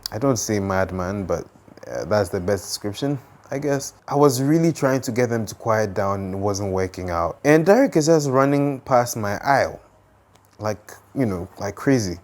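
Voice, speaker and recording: A young man casually telling a childhood story, lively and dramatic, with lots of fillers. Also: on the low side, normal speed.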